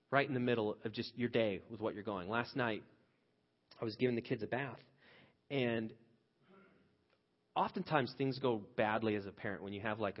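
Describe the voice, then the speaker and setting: A man in his thirties gives a conversational sermon and tells stories from his own family life. He restarts phrases often and gets loud when he quotes himself. The sound is dull and lo-fi, with a long reverb from a large hall. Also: medium pitch. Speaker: pastor.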